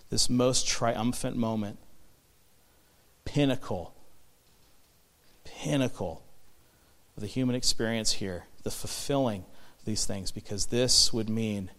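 A man preaching a sermon as pastor, reading scripture and explaining it with emphatic bursts and hushed, reflective stretches. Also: fairly low pitch, unhurried, long pauses. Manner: animated, emphatic, swings from loud proclamation to hushed reflection.

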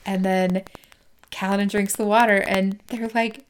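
A woman's voice: mid-range voice, steady tone, a little slow. Chatty woman retelling a book scene. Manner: retells scenes with acted quotes, many fillers. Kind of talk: casual book recap.

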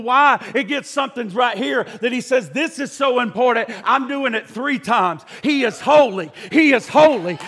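A man preaching a sermon with fervor, shouting the high points and sinking to a quiet, hushed voice for the solemn passages. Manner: impassioned, shouting at peaks, then dropping to a hushed low voice.

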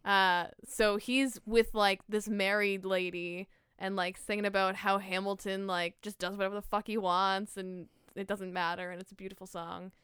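Swearing, excitable young woman podcaster. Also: mid-range voice, moderate pace, hardly any pauses, smooth, dry recording, clean studio sound. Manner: excited, swears a lot, laughs often. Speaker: podcast co-host. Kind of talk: casual chat.

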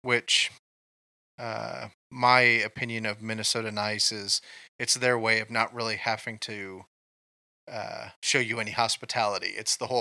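A man's voice: mid-range voice, fairly even intonation, a little slow, sharp tone, no echo. A man from Kansas co-hosting a casual movie chat, telling rambling stories with many ums. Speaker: podcast co-host.

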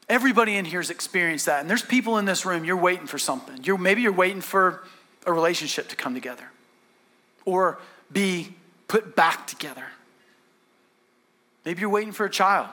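A bright, high-voiced man preaches a sermon with easy, conversational storytelling. He often restarts his sentences. He leans forward into each story. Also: lively intonation, moderate pace. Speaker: pastor.

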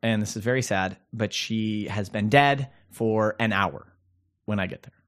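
A man's voice: fairly low pitch, unhurried. A man co-hosting a podcast, telling stories in a casual, rambling way with lots of fillers and laughs. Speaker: podcast co-host. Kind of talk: casual chat.

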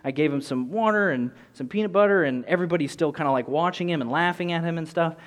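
Fast and fairly high-pitched, this young man's personal anecdote comes out honest and meandering, full of false starts and fillers. The quoted moments lift with excitement, while the rest stays sincere.

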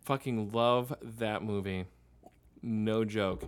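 A man's voice: fairly low pitch, fairly even intonation, slow pace, clean tone. A man co-hosting a podcast, chatting about films in a playful, jokey way with short interjections. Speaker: podcast co-host. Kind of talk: casual film discussion.

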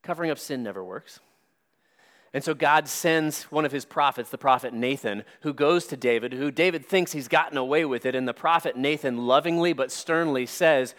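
A man preaching a sermon as a pastor, stressing words slowly and dropping his voice quietly at key points. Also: medium pitch.

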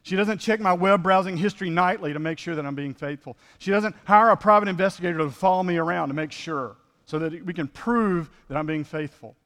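A man's voice: sits high, fairly quick, hardly any pauses, a bit bright, big-room sound. A man preaching a conversational sermon as pastor, full of rhetorical questions.

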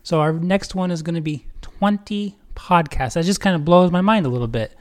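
A man co-hosting a casual faith podcast, upbeat and quick to laugh, often repeating words as he talks. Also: fairly high pitch. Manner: upbeat, stumbling, laughs easily. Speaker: podcast co-host.

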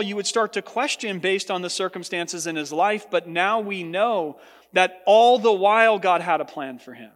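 Pastor guy preaching a sermon, earnest, pretty high voice, big echoey church. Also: normal speed. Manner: earnest preaching, rising in pitch for quoted speech. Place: large church hall. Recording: long hall reverb.

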